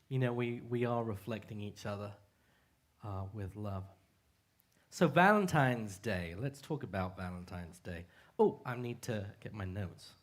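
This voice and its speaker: Slow, easygoing man giving a casual sermon. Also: on the low side. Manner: relaxed and joking, with filler sounds and restarts. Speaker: speaker at a spiritual community service.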